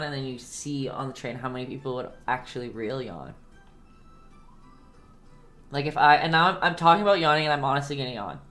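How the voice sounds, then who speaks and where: Chatty low-voiced woman teaching painting. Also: fairly bright tone. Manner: chatty, laughs often, talks to viewers by name. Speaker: painting instructor. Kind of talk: casual live-stream painting lesson. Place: home painting setup.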